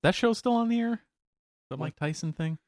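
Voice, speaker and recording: A man co-hosting a casual chat, playful and quick to joke, in a small room. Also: sits high, no room sound. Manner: playful, animated storytelling with laughs. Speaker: podcast co-host.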